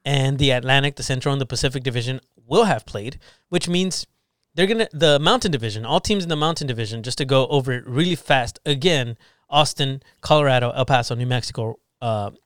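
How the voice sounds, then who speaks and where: A man co-hosting a casual podcast, lively and teasing as he explains and jokes. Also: medium pitch, brisk, clean tone, dry recording, clean studio sound. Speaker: podcast co-host. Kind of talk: casual chat.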